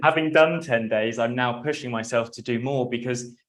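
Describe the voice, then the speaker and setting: Relaxed male podcast host. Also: mid-range voice, normal speed, reverberant. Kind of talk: casual interview chat.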